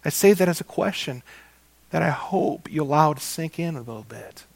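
A man preaching a sermon, slow and emphatic, repeating key phrases and calling his listeners "guys". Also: fairly high pitch, lively intonation, gravelly, no echo.

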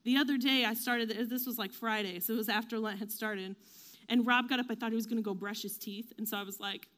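A woman giving a casual faith talk, chatty and self-deprecating, with lots of fillers and quick acted-out quotes. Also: a little high, steady tone, a bit bright. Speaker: devotional speaker.

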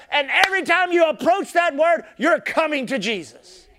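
A man preaching a sermon as pastor, impassioned and repeating his key phrases, swinging from shouted emphasis to soft, low asides. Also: expressive, normal speed, hardly any pauses.

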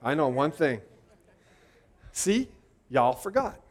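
A man's voice: a little high, very animated, slow pace. A man in his forties preaching a sermon, talking conversationally and putting rhetorical questions to the congregation. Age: 40s.

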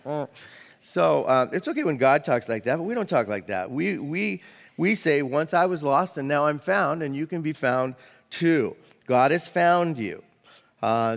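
Conversational pastor preaching in a hall. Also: male voice, mid-range voice. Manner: conversational, quick asides with restarts. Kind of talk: sermon. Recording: long hall reverb.

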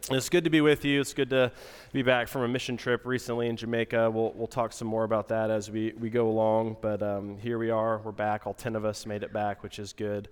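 A male pastor with a stuffy, nasal voice from a cold, preaching in a relaxed, conversational way with asides. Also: on the low side, brisk, clear, resonant tone, big-room sound. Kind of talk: sermon.

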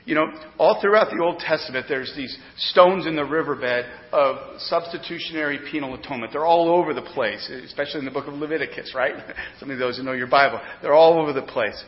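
Male pastor, higher-pitched, emphatic sermon delivery, loud to hushed; muffled recording with a long church echo. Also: fairly quick, hardly any pauses. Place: church sanctuary. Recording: dull lo-fi sound with long hall reverb.

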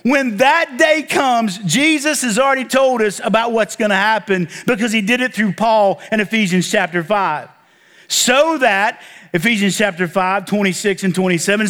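A male pastor with a strikingly high voice delivers a sermon. His tone is bright and forceful, and he drives his points home with emphatic calls to the congregation, waiting for them to answer back. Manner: preaching with call-and-response to the congregation; animated, emphatic exclamations.

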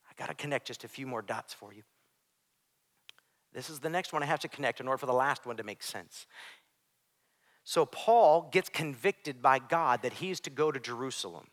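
A man preaching a sermon as pastor, swinging from hushed near-whispers to loud shouts. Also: medium pitch, normal speed, pauses often. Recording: preacher in a large reverberant hall.

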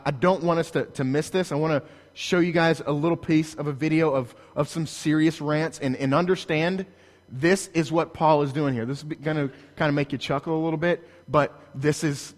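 A high-voiced male pastor preaching with rising force, his lines pushed hard for emphasis. The sound trails off in the long reverb of a large hall. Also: brisk. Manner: emphatic, builds to shouted lines. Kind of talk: sermon.

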